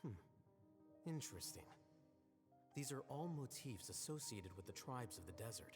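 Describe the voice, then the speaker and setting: An actor playing a calm, reserved male scholar who explains things in a measured, composed way in game audio. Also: medium pitch, long reverb tail, over music, close to an everyday voice.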